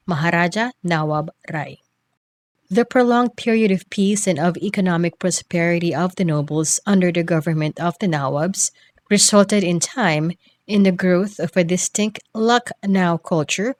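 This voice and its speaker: A woman with a fairly low-pitched voice reads a history textbook as an audiobook narrator. Her delivery is measured, moving phrase by phrase.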